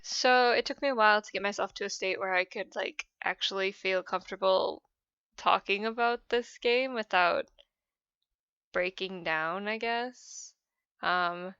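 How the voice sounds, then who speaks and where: Bright-voiced woman in an emotional game reflection. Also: mid-range voice, unhurried, clear, resonant tone, no echo, highs cut off. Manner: hesitant, rambling, many "I don't know"s; soft and emotional. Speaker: gaming channel host. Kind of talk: casual post-game reflection.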